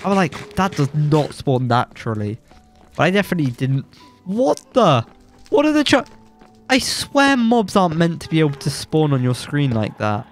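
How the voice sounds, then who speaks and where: A young man with a blocked nose, giving excitable, joking commentary while playing a game and yelping when surprised. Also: medium pitch. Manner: excitable, jokey boasting, yelps when surprised. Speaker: gaming YouTuber. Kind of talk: let's play commentary.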